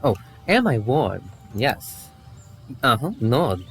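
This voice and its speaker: A man streaming a game live, reacting out loud in an animated way. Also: fairly high pitch, normal speed. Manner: animated, laughing, reacts aloud. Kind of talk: live gaming commentary.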